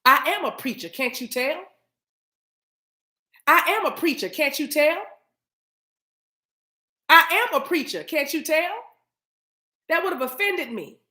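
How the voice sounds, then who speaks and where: Woman livestream host, high voice, preachy and emphatic, roomy sound. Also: measured pace, pauses often. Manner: animated, emphatic, repeats phrases, talks to chat. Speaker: spiritual reader and livestream host. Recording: roomy echo.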